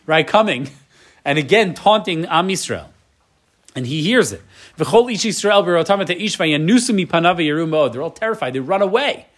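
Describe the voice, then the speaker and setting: Male Bible teacher, slightly high voice, animated lecturing, keeps checking in with the class. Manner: animated, mixes Hebrew verse readings with English explanation; frequent tag question "right?". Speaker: Torah teacher.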